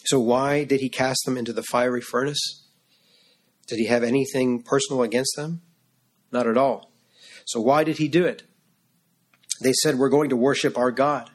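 A male preacher delivers a sermon to his congregation with a mid-range voice. He speaks earnestly and emphatically and slows down to drive his points home. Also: mid-range voice, fairly even intonation.

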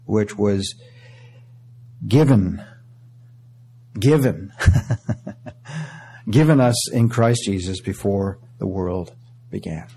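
A man's voice: lowish voice, expressive, slow, warm tone, husky. A man preaching a sermon in an auditorium, reading scripture aloud with rising emphasis and calling his listeners beloved.

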